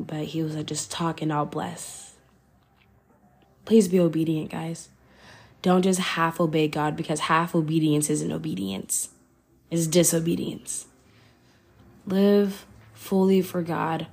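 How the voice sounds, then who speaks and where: Earnest young woman with gravelly voice. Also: sits low, darkish tone. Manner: earnest, heartfelt, addresses listeners as y'all and guys. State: holding back tears. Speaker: podcast host. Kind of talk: faith podcast monologue.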